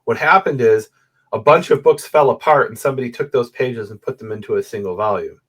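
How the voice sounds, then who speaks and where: A man talks through his research as a guest on a video call, mid-pitched and animated. He explains step by step and keeps checking in with his listener. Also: a little fast. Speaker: guest, Bible manuscript scholar. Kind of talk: explanatory conversation. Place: room with a bookshelf photo backdrop.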